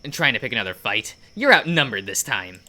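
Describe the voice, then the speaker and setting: A man's voice: mid-range voice, sing-song, fairly quick, pushed and bright. A man voicing a surly, protective male biker who talks curtly and grumbles. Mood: hostile. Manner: curt and grumbling.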